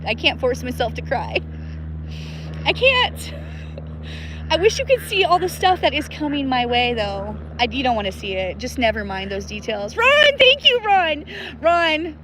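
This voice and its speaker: A woman's voice: high voice, a bit bright, a little hiss or hum. A woman chatting casually to her viewers on a live stream from outdoors in a river, giggling often and greeting viewers by name. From Pacific Northwest of the US. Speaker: livestream host.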